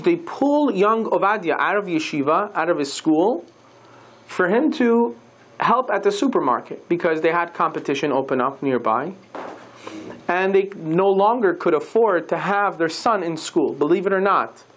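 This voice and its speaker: A rabbi giving a sermon, telling a story and acting out the dialogue with lively shifts in voice. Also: male voice, a little high.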